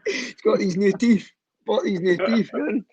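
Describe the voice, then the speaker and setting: A Scottish man, a footballer guest, telling lively, profane stories in a casual podcast chat. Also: high-pitched, slow, husky, dry recording, lo-fi sound. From Scotland. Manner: lively storyteller, swears, laughs often.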